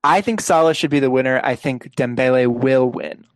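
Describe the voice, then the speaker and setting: A man's voice: mid-range voice, moderate pace, no room sound. Laid-back young man, dry close sound. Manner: relaxed, leans heavily on "like" fillers. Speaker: podcast co-host. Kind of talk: casual sports chat.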